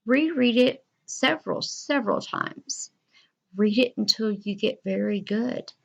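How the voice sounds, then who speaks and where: A woman teacher giving a recorded reading fluency lesson, encouraging and deliberate, with expressive pauses. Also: a little high, gravelly. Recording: dull lo-fi recording.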